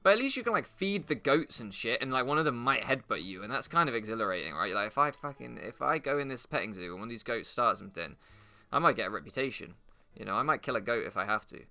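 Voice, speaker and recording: A man's voice: mid-range voice, big pitch swings, fast talker, creaky, bright, forceful tone. A young British man giving crude, sarcastic, rambling commentary over gameplay. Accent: British English. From England. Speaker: gaming commentator. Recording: game music behind.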